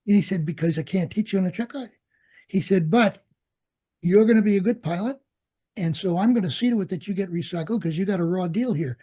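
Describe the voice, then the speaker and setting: A man's voice: sits high, brisk, slightly rough. An older American man, a Vietnam veteran pilot, telling stories in an oral history interview, acting out the dialogue and laughing often. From United States. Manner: animated storyteller, acts out quoted dialogue, laughs often.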